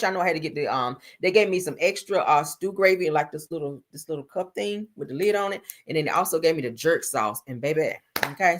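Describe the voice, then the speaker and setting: Lively, salty woman streamer chatting. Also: lowish voice, slight background noise. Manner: chatty, salty, laughs often, talks to chat. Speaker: livestream host. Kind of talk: casual live-stream chat.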